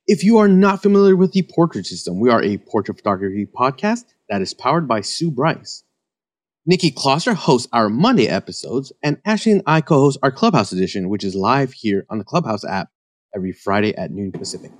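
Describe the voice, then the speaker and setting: A man's voice: medium pitch, big pitch swings, a little fast. A man co-hosting a live photography podcast, talking in a jokey, friendly way. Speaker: podcast co-host. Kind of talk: casual live audio chat.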